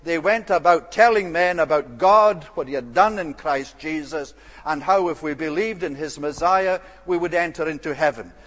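A man preaching a sermon in a measured, earnest way, stacking repeated phrases for emphasis and pausing on small "eh" fillers. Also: fairly high pitch, fairly bright tone. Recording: long hall reverb.

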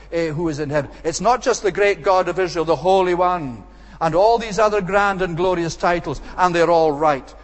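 A man delivers an expository sermon and stresses his points with repeated, emphatic phrases. His voice sits a little high for a man. It rings out with a long reverb, as in a church sanctuary. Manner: emphatic, repetitive rhetorical phrasing. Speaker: preacher.

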